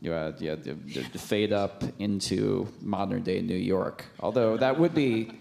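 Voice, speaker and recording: A man on a press panel, playful and quick to laugh. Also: low-pitched, lively intonation, gravelly, darkish tone. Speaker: film director on a panel. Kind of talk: press conference answers.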